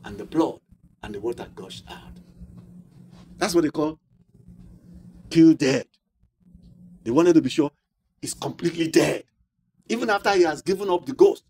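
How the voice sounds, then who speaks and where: A man preaching a sermon, asking the congregation rhetorical questions and drawing out key words slowly. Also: fairly high pitch, lively intonation, a little mellow, husky. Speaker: pastor.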